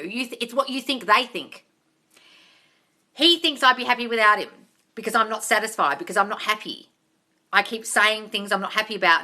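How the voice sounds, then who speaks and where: A woman's voice: on the high side, bright, forceful tone. Blunt, sweary woman on a livestream. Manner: blunt, sweary, emphatic, reads chat aloud. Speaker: manifestation coach on a livestream. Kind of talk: ranting livestream Q&A.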